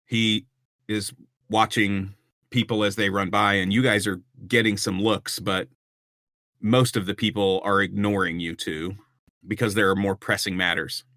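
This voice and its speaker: Low bright-voiced man narrating a game. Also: little pitch movement, measured pace, no echo, clean studio sound. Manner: descriptive, with frequent ums and restarts. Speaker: game master.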